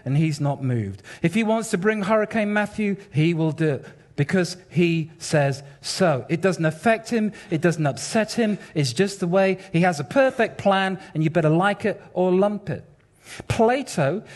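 A man preaching a sermon in an animated, wry, conversational way, addressing his congregation. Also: high voice.

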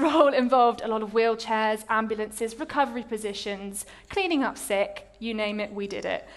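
A young adult woman giving a personal testimony in a sermon, telling her story in an animated, self-mocking way. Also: a little high.

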